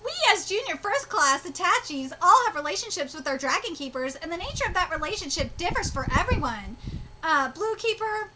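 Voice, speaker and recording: A woman reading manga dialogue aloud on a live reaction stream, loud, excitable and heavily profane. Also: very high-pitched, fairly quick, hardly any pauses. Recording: loud background noise.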